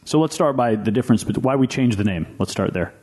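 A man's voice: medium pitch, animated, fast, darkish tone. A man who is a pastor and podcast co-host, explaining ideas earnestly in a casual discussion and thinking aloud with frequent restarts.

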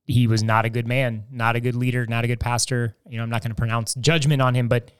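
A man with a smooth, resonant voice co-hosts a podcast as a pastor, speaking in a casual, candid way. The sound is dry and close, with no room echo. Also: mid-range voice, flat delivery, quick pace. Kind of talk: podcast discussion.

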